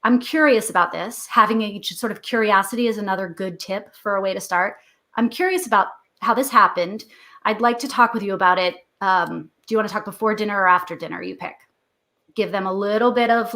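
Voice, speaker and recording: A middle-aged woman, appearing as a guest author, chats through parenting advice in an interview and acts out the lines parents and kids might say. Her mid-range voice is brisk, pushed, and bright.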